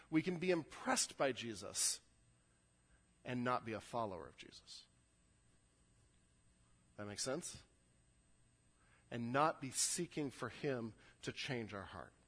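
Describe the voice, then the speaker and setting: A bit bright and mid-range, the voice belongs to a young adult male pastor preaching earnestly in a church sanctuary. He often repeats words to build a point, and long hall reverb surrounds him.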